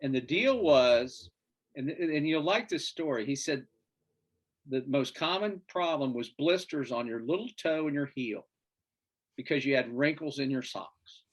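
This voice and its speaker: A man's voice: medium pitch, lively intonation, measured pace. A man co-hosting a casual sports chat show, rambling through stories and searching for names with fillers. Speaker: podcast co-host.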